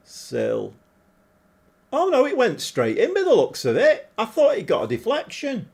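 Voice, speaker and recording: A middle-aged man commentating live on his football management game, animated and often shouting at his players. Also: very high voice, unhurried, creaky. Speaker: game streamer.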